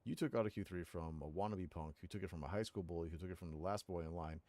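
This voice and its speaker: A man voicing a stoic, calm yakuza hero in a low, measured tone. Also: a little hiss or hum. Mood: steady.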